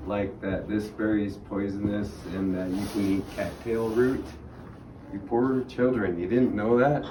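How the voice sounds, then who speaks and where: Middle-aged male storyteller, low voice, rambling and laughing, recorded from afar in an echoey room with noise. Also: steady tone, measured pace. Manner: rambling, laughing, acts out quotes. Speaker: guest speaker on native arts. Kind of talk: casual storytelling talk. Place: library room. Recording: echoey room, distant mic, background noise.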